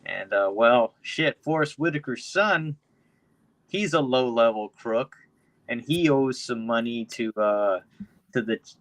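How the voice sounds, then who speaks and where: A man's voice: medium pitch, a little slow, no echo. A man co-hosting a podcast, recapping a film in a loose, profane, rambling way. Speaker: podcast co-host. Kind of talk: casual podcast chat.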